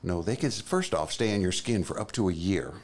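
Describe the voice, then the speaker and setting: Playful lively man, lowish voice. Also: a little fast. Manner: playful, joking, reads out facts. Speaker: co-host. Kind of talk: casual podcast chat. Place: studio.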